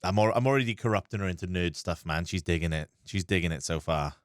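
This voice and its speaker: Laid-back British man, thirties, lowish voice, dry close sound. Casual podcast banter. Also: dry recording. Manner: laid-back, swears freely, quick bursts of speech. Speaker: podcast co-host. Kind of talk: casual chat.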